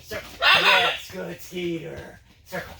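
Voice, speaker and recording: A man's voice: high-pitched, slow, gravelly. A man performing a dog trick show, telling a rambling story and breaking off to cue his dogs. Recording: roomy, distant mic, background noise.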